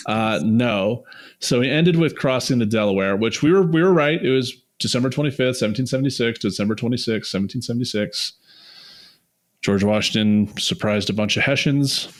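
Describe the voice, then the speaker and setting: A man's voice: lowish voice, a little fast. A man co-hosting a podcast in casual chat, laughing often and steering the talk back on track. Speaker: podcast co-host.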